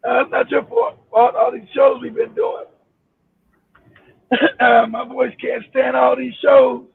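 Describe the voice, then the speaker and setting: A man with a hoarse, nearly gone voice, gravelly and pitched high, talking bluntly in casual chat. He comes through a tinny, phone-like line with a faint hiss behind him. He teases his co-host. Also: flat delivery, a little slow. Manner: teasing, blunt. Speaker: show co-host.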